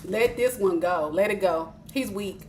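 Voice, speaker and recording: A woman's voice: medium pitch, unhurried, darkish tone, a little hiss or hum. A woman giving live tarot readings to viewers, chatty and teasing, breaking into laughter often and speaking straight to her audience. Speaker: tarot reader.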